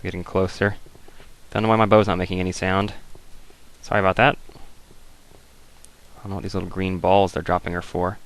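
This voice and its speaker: A man's voice: low voice, little pitch movement, brisk, pauses often. A man hosting a casual let's-play, rambling and thinking aloud with wry asides as he plays. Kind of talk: casual gameplay commentary.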